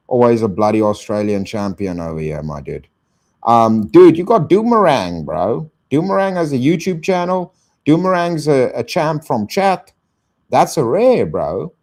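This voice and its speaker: A man's voice: mid-range voice, darkish tone. A man hosting a casual live stream, swearing and thanking donors in slang.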